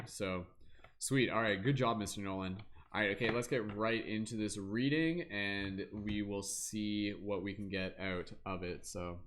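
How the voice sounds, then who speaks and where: A man hosting a tarot reading livestream, talking casually and loosely, filling pauses with fillers and hummed "da da da" sounds. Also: fairly low pitch, a bit bright, a little hiss or hum.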